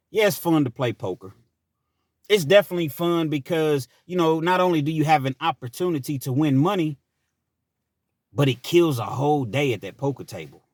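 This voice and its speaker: A man's voice: on the high side, dry recording, clean studio sound. A man hosting his own channel, telling a personal story in a chatty, rambling way with asides. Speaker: channel host. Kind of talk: casual storytelling monologue.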